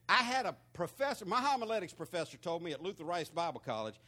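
A man's voice: sits high, very animated, quick pace, bright, forceful tone. A man from Florida with a Southern twang, preaching a conversational sermon in a folksy, storytelling way full of repeated words. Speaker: pastor.

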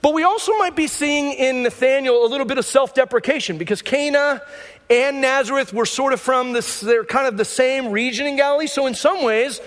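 A man's voice: extremely high pitch, brisk, fairly bright tone, long reverb tail. A man preaching a sermon as pastor, talking conversationally and repeating key lines for emphasis. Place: church sanctuary.

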